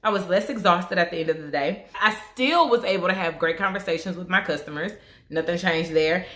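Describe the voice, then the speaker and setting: A young woman with a country Southern twang talks candidly to camera in a relaxed vlog. Her voice sits a little low. The room around her sounds echoey. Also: brisk. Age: young adult. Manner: candid, conversational, shifts into higher voice for quoted business tone. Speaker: vlogger. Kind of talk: casual get-ready-with-me talk.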